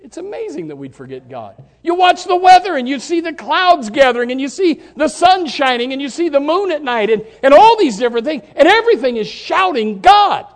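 A man preaching a sermon in a church, impassioned and rising to shouts on key words. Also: very high voice, very animated, a little fast, few pauses. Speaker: pastor.

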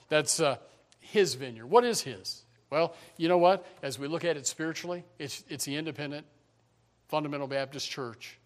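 A man preaching a sermon in a church, emphatic, swinging between loud and quiet. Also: a little high. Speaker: pastor. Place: church sanctuary.

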